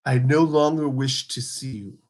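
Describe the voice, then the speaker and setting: A man's voice: mid-range voice, normal speed. A man giving a spoken holiday teaching, telling the story earnestly and acting out the quotes.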